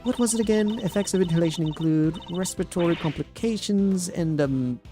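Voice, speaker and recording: On a stream, a man pushes his naturally high, dark-toned voice upward to play a prim, fussy old British woman in a game, speaking fairly quickly in a lightly acted, chatty way. His put-on British accent keeps sliding into an American Southern one. Soft music plays underneath.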